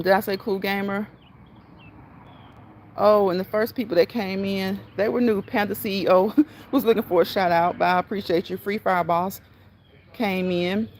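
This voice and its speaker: A woman hosts a casual live stream. She repeats her phrases and encourages her viewers, at a mid pitch for a woman. Faint noise sits under her voice. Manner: repetitive, encouraging, laughs at own phrases. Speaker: livestream host.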